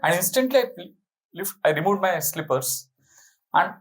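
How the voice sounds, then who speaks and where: A middle-aged man, a monk telling an animated, laughing anecdote as a spiritual talk. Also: high-pitched, normal speed, poor audio. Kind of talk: storytelling sermon.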